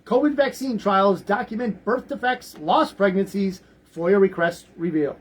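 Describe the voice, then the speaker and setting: A man's voice: high voice, unhurried, slight background noise, rough recording. A man hosting a talk radio show, rambling through the news in casual commentary, often repeating words.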